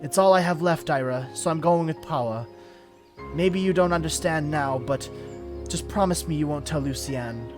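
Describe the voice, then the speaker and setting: A man voicing a sad, soft-spoken young woman archer in a game, talking earnestly. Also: a little high, normal speed, natural voice. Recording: clear background music.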